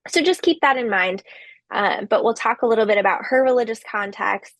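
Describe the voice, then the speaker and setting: A woman giving a recorded literature lecture, explaining slowly with occasional fillers. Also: fairly high pitch, no room sound.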